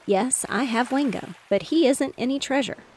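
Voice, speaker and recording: A woman reading aloud, voicing a kindly old retired male sailor with a gruff, homespun way of talking. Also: high-pitched, normal speed, a little mellow, a little hiss or hum, pitched above the performer's own voice, close to an everyday voice, low-quality recording. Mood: homely.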